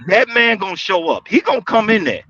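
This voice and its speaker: A man on a livestream call telling casual stories, animated, acting out quotes with big jumps in his voice. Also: high-pitched, brisk, crowd noise. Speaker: guest speaker on a livestream call. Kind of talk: casual storytelling. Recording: dull lo-fi livestream audio.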